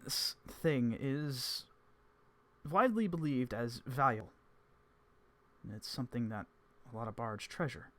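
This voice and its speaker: A man voicing a calm, scholarly male mage who speaks in a measured, formal way. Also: medium pitch, lightly acted.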